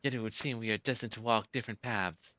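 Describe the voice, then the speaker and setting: Guy putting on a pompous fake-hero villain, put-on indian accent, bright voice, kinda muffled mic. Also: on the low side, steady tone, fast, a little hiss or hum. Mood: scheming. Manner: pompous, grandiose. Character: vain grandstanding male false hero, villain.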